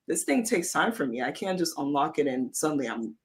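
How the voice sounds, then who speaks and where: A woman in a casual faith-based podcast chat, speaking reflectively and haltingly, restarting her sentences. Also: low voice, sing-song.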